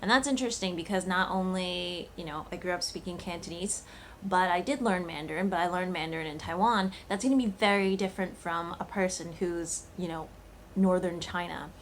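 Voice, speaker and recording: A woman's voice: on the low side, fairly quick, a little hiss or hum. A woman talking casually to camera in a vlog, thinking aloud with lots of fillers and restarts. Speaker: cooking channel host.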